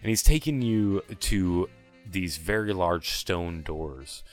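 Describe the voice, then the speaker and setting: A man narrating as game master of a tabletop game, describing scenes in a relaxed, rambling way, with faint music behind. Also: sits low, slow pace. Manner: descriptive, relaxed, with restarts and fillers.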